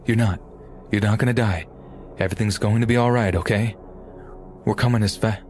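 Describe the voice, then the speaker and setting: A man doing a steady, reassuring male dispatcher. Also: lowish voice, fairly quick, slight background noise, voice pushed up, natural voice. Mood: urgent, reassuring.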